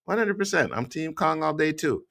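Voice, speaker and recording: A man's voice: a little high, lively intonation, normal speed, creaky, fairly bright tone. A man hosting a casual pop-culture talk show, reading viewer comments and agreeing with a laugh.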